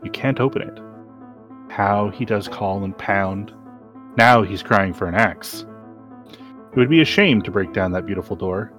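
A man with a fairly low voice reads a classic story aloud. His delivery is slow and deliberate, broken by sudden emphatic rises. Faint guitar and piano music plays softly underneath. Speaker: podcast host reading aloud. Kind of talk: dramatic reading of a classic story.

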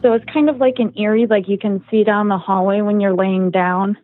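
A woman's voice: mid-range voice, steady tone, a little fast. Tinny-sounding young woman rambling casually. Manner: rambling, heavy use of "like" and "um". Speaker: guest storyteller. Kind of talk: casual podcast chat. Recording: tinny phone-like dry sound.

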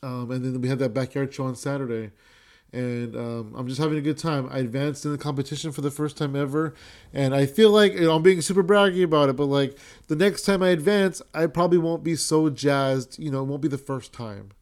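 A middle-aged man hosting his own podcast, chatting casually and excitedly, rambling with many restarts and repeated words and some swearing. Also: medium pitch, brisk. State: a bit winded. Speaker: podcast host. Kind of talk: casual solo podcast chat.

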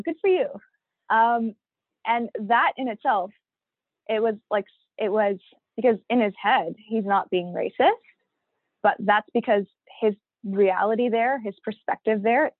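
A woman's voice: mid-range voice, normal speed, no room sound. A young woman from Toronto, a podcast interview guest, explaining her views in an earnest, thoughtful way. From Toronto, Canada. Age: young adult. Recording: dry phone-like audio.

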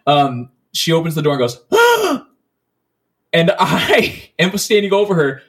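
A man's voice: on the high side, lively intonation, normal speed. A man in casual podcast chat, telling a long story in a rambling, profane way, full of restarts.

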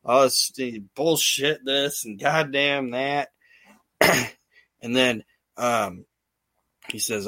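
A man hosting a casual podcast, retelling events with lively storytelling, loose swearing and acted-out quotes, on a close microphone. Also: mid-range voice, very slow, long pauses, no echo. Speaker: podcast host recapping wrestling shows.

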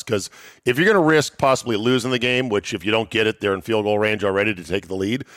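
Sports podcast host guy, lowish voice, dry close sound, talks opinions straight. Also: fairly bright tone, no echo. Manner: opinionated, conversational. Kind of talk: casual podcast chat.

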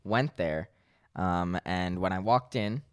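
A man's voice: sits low, takes it slowly, clear, resonant tone, no room sound, studio quality. A young man co-hosting a podcast, telling a story in casual chat, acting out the people in it. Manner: animated storytelling, acts out quoted people. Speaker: podcast co-host.

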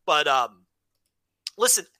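A man from the United States co-hosting a casual podcast, animated and swearing freely with many restarts. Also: on the high side, takes it slowly, dry recording. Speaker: podcast co-host. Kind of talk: casual chat.

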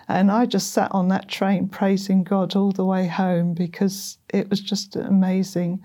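A middle-aged woman, earnestly telling her faith testimony in an interview, halting with ums and repeated words. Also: medium pitch, flat delivery, warm tone. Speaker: guest sharing a testimony.

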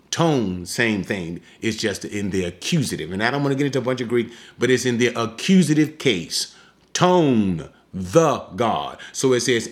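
A man preaching a teaching sermon on scripture, emphatic and slowing down to explain key words. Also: mid-range voice.

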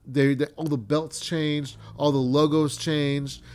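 A man's voice: on the high side, little pitch movement, slow, darkish tone. A young man hosting a wrestling podcast, ranting casually with lots of swearing, fillers and restarts.

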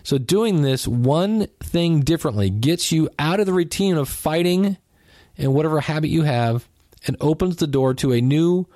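A man's voice: a little high, a little mellow, no room sound, studio quality. A man hosting a podcast, giving casual relationship advice in a conversational way, with joking asides and quoted lines acted out. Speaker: podcast host.

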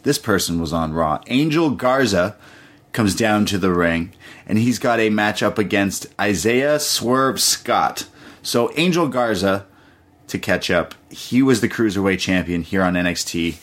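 This young man hosts a podcast where he retells a wrestling show in loose conversation, quoting voices and laughing a lot. His voice sits on the low side, animated and a bit bright, and his pace is a little slow.

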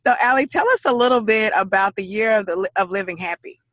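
A woman's voice: medium pitch, fast, a bit bright, no echo. A woman from Texas with a Texan accent, hosting a podcast interview in a bubbly, laughing manner. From Dallas, Texas. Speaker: podcast host.

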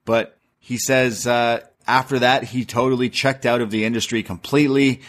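A man's voice: mid-range voice, measured pace. A man co-hosting a podcast, casually recapping a wrestling show in a rambling way, laughing often as he retells what was said. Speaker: podcast co-host.

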